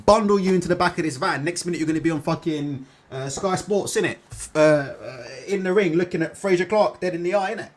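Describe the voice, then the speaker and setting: This young live stream host talks fast with few pauses in a voice on the high side. He goes through chat comments and rambles into rants, full of swearing and fillers such as "innit" and "yeah".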